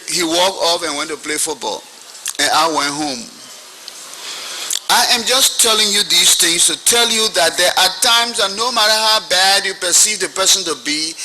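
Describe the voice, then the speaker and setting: A man in his seventies with a Liberian accent, giving testimony to a commission as a lively storyteller who acts out what people said. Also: sits high, a little hiss or hum, poor audio. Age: 70s. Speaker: commission witness.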